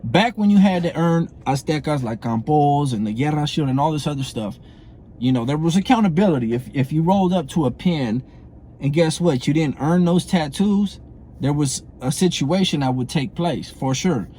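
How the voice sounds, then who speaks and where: A man's voice: on the high side, animated, normal speed, warm tone, slight background noise. A middle-aged man, delivering a blunt, profane, confrontational monologue to camera and repeating himself for emphasis. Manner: heated, blunt, profane, repeats phrases and asks "you know what I'm saying". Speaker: former prison inmate calling out a comedian.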